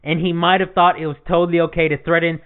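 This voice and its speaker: A young man telling stories in casual chat, animated and swearing a lot. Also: fairly high pitch, fast, smooth. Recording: tinny lo-fi phone-like sound.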